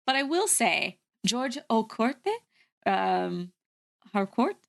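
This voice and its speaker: A woman's voice: on the high side, expressive, slow, gravelly. A young woman co-hosting a casual podcast chat, laughing often and filling her talk with "like.". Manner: giggly, says "like" often. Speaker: podcast co-host.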